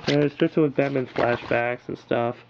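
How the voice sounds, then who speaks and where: A man's voice: medium pitch, steady tone, moderate pace, muffled recording, background noise. A man reviewing comic books on camera in a loose, rambling, enthusiastic way, full of filler words. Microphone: built-in camera mic.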